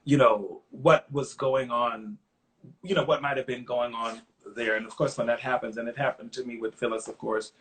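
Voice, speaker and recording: Middle-aged guy guesting on an interview, storytelling mode, does everybody's lines in quotes, gets earnest, normal-pitched voice. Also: moderate pace. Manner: lively anecdotes, acts out others' lines in quotes; earnest and openly emotional when reflecting. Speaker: guest songwriter.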